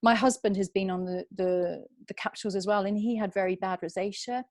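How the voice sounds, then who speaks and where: A woman's voice: mid-range voice, steady tone, a little fast, a little mellow, no room sound. A woman in her thirties, a guest telling a personal story on a video call, hesitant and emotional.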